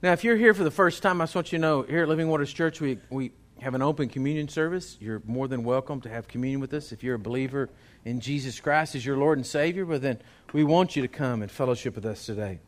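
A man's voice: medium pitch, fast talker, few pauses. A male pastor, preaching a sermon in a folksy, exhorting way.

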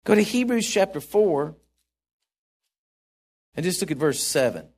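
High-voiced man preaching a sermon. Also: big pitch swings, a little slow, darkish tone. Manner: emphatic, rising to stressed points and dropping low for asides.

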